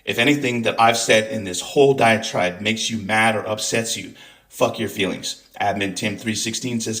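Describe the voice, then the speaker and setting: A man's voice: fairly low pitch, normal speed, a bit bright. Angry male commentator, profane, venomous rant delivery. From United States. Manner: furious, profane, sarcastic. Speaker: political commentator.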